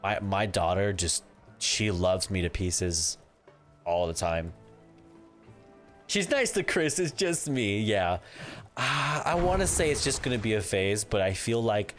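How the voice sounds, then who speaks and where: With a lowish voice, lively intonation and a slightly slow delivery, this young dad chats animatedly during a gaming livestream over game music. He laughs frequently and acts out exchanges with his family.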